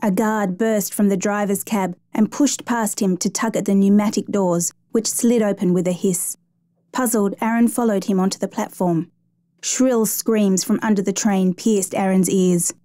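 A woman narrating a story in a measured, steady reading voice. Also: mid-range voice, no echo. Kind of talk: scripted narration.

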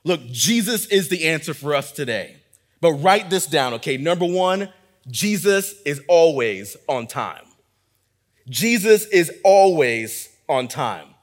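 The sermon comes from a male preacher with a slightly higher-than-usual voice, sing-song and unhurried. Earnest and emphatic, he repeats phrases to press his points, starting in quiet prayer before turning to teaching.

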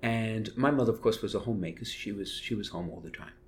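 A middle-aged man with a New York accent, a bishop telling family stories in an interview, animated and laughing as he talks. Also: lowish voice, fast talker, a little hiss or hum. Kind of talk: storytelling interview.

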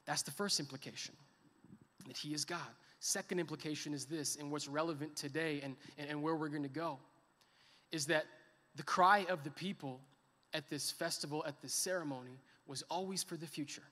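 High-voiced, bright male preacher in a reverberant hall. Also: normal speed. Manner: builds to impassioned crying out, drops to soft intense emphasis. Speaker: pastor. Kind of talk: sermon. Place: church sanctuary.

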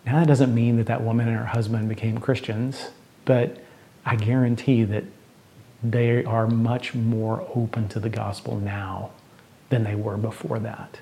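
A middle-aged man with a lilt preaches in an earnest, conversational way. His voice is warm and relaxed, never bright. His pitch sits in an ordinary middle range. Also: a little slow, gravelly. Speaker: pastor. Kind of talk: sermon with storytelling and closing prayer.

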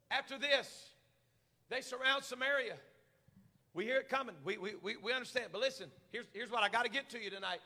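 A man preaching a sermon as pastor, stammering repeats and climbing into shouts. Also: very high voice, normal speed, pauses often. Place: church hall. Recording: live church hall reverb.

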